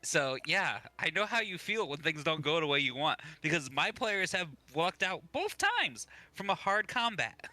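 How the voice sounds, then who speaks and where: Very bright chatty guy at a game table, laughs a ton, bouncy pitch. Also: sing-song, normal speed, hardly any pauses, no room sound. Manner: chatty, laughs often, teasing. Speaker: player. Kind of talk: casual tabletop game chat.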